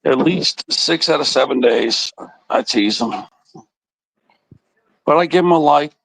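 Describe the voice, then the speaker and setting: A man's voice: fairly high pitch, measured pace, gravelly, a bit bright, no room sound, rough recording. A man hosting a casual livestream chat, rambling and teasing with a chuckle. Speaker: livestream host.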